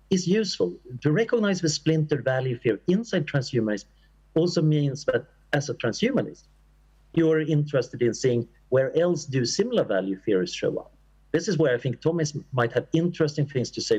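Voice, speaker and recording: A man's voice: on the high side, lively intonation, fairly quick, a little mellow, slightly rough, dull audio. A man answering an audience question at an academic conference, in a thoughtful, discursive way with fillers and restarts. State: coughing at times. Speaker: conference speaker.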